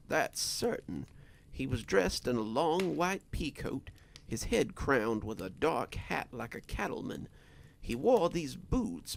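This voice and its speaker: A man narrating a scripted horror story in a slow, deliberate storytelling manner. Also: mid-range voice, creaky, slight background noise.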